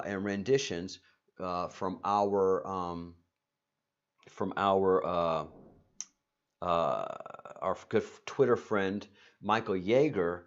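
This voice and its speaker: Halting, rambling man on a lo-fi stream. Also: fairly low pitch. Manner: rambling, halting, with many fillers and restarts; sarcastic, excitable asides. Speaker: live-stream host. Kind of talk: casual live-stream monologue.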